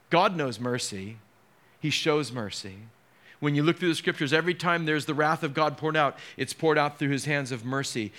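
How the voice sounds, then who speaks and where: A man's voice: fairly high pitch, a bit bright. Dramatic middle-aged male pastor. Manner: dramatic, acts out scenes with slow pauses. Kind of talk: sermon.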